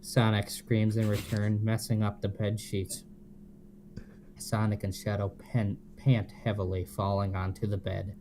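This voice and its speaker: Podcast co-host, man, deadpan slow reader, low voice. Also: slight background noise. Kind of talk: reading fanfiction aloud, casual chat.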